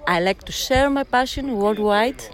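Earnest woman with a tongue. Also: a little high. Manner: earnest, careful phrasing with searching pauses. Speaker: olive oil producer and host of the estate tour. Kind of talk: on-location interview.

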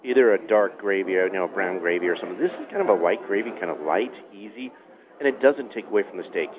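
Brief: quick, low-voiced male radio sidekick, phone-like sound, crowd behind him. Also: expressive. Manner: rapid, says "I mean" often. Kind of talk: casual on-air food chat. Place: busy restaurant. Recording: tinny phone-line sound with crowd noise.

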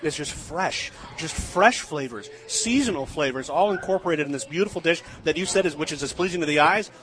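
A man's voice: on the high side, lively intonation, a little fast, fairly bright tone. A man hosting a live radio food show from a ranch, gushing enthusiastically about the dishes. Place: live remote broadcast from a ranch saloon.

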